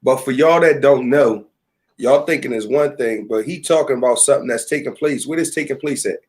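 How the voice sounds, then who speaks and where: A man's voice: mid-range voice, a little fast, a little mellow, slightly rough. A man hosting a casual chat show, laid-back, laughing along and asking questions. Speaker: show host.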